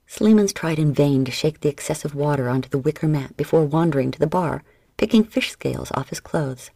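A woman narrating an audiobook in an expressive storytelling manner. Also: deep voice, a little fast, creaky, no room sound, studio quality.

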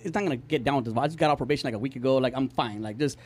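A man's voice: medium pitch, racing, husky. A man telling a long story in casual podcast chat, rambling and profane, with many fillers. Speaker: podcast co-host.

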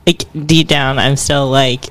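A woman's voice: extremely low pitch, fairly even intonation, measured pace, no room sound, rough recording. Brash, laughing woman guest. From Pennsylvania. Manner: brash, swearing, laughs often. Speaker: podcast guest, arm wrestler. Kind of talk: casual chat.

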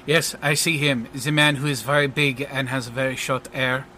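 A man's voice: medium pitch, steady tone, normal speed, sharp tone, a little hiss or hum, pitched below the performer's own voice, close to an everyday voice. A man voicing a flamboyant stage magician with a put-on French accent, dramatic and teasing. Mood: theatrical.

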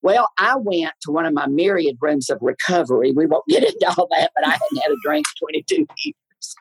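A man's voice: on the high side, big pitch swings, fairly quick, breathy edge, low-quality recording. An older man, a chatty podcast guest telling folksy stories and laughing often. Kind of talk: casual storytelling.

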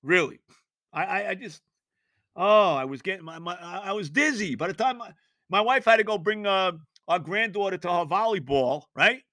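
Older new guy ranting about sports, high voice swinging all over, dry close mic. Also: expressive, moderate pace, no echo. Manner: exasperated, theatrical, shouting outbursts. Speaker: podcast host. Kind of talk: sports rant.

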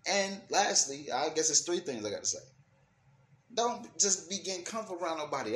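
A man with a slightly high, somewhat bright voice rants quickly to camera in African American Vernacular English, casual and emphatic, with profanity. He restarts and repeats words as he thinks, and the echoey room carries faint ambient noise.

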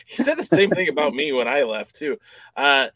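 A man's voice: a little high, sing-song, normal speed, fairly bright tone, dry recording, rough recording. A man co-hosting a casual wrestling podcast, talking enthusiastically in long run-on stretches. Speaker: podcast co-host.

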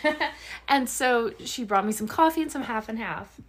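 A woman's voice: on the high side, lively intonation, moderate pace. A woman from Louisiana co-hosting a podcast, telling a rambling, profane story with frequent laughs. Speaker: podcast co-host. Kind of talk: casual chat.

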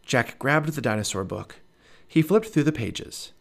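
A man narrating a children's storybook aloud as a parent, with an expressive read-aloud delivery. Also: medium pitch, measured pace, gravelly.

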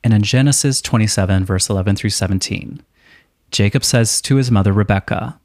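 A man's voice: on the low side, a little fast, a little mellow, no echo. Wry man reading scripture, dry sound. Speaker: podcast co-host. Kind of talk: casual chat and scripture reading.

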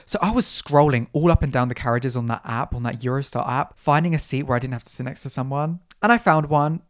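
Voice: medium pitch, quick pace. A podcast host, telling a travel story in a chatty, dramatic way full of slangy exclamations, recorded in an apartment. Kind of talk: casual storytelling monologue. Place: apartment indoors.

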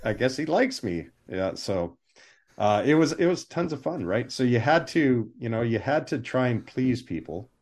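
A man, a film armorer, telling animated anecdotes with voiced quotes in a live interview over a video call. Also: medium pitch, normal speed.

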